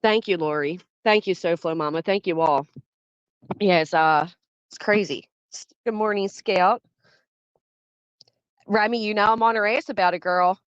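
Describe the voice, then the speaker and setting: A woman's voice: medium pitch, a little slow, pauses often, clean tone, no echo. Chatty woman streamer greeting viewers. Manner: chatty, greets viewers by name while reading chat. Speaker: livestream host. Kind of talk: casual livestream chat. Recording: dull dry sound.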